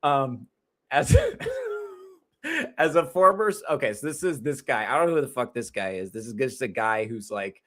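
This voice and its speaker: A man's voice: medium pitch, big pitch swings, moderate pace, sharp tone. A male comedian hosting his own podcast, talking alone in a rambling, profane and exasperated way, full of fillers. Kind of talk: solo podcast monologue.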